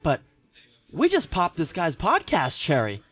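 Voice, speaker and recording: Podcast host, man, upbeat and animated, higher-pitched voice, easy laugh. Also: dry recording. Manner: excitable, lively, quick to laugh. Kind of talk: casual podcast chat. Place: podcast set in a games studio.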